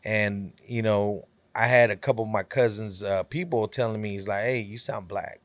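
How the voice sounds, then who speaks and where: A man's voice: lowish voice, moderate pace, a bit bright, no echo. A man with a Texas Southern accent, a rapper chatting as a podcast guest, laid-back and full of "you know" fillers. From California. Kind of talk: casual podcast chat.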